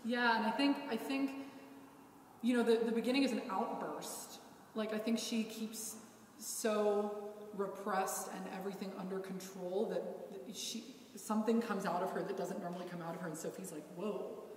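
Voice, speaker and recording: A woman's voice: medium pitch, fairly even intonation, moderate pace. A young woman student singer talks with her teacher, eager and agreeable. Her voice sounds distant in a very echoey, reverberant hall, with faint background noise. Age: young adult. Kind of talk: casual talk in a masterclass.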